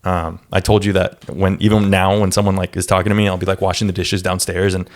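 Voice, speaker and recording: A young man hosting a podcast interview, talking in a relaxed, loose way with many fillers. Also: low voice, fast talker. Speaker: podcast host and former student. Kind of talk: casual interview chat.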